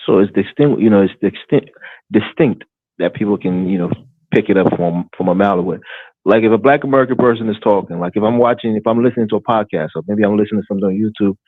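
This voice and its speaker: A man dialed into a podcast over a tinny, dry phone line. He talks quickly in a lowish voice, explaining at length, restarting phrases and dropping "you know" often. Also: no room sound. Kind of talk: casual chat.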